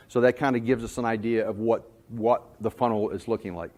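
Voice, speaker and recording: A man giving a sales management talk, telling jokey stories in an animated, self-deprecating way to a room. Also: medium pitch, fairly quick, hardly any pauses. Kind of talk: storytelling presentation.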